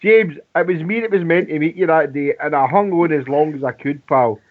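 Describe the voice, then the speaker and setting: A man's voice: on the high side, a little fast. A man hosting a casual fan radio show, friendly and rambling with many restarts. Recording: phone-like narrow band.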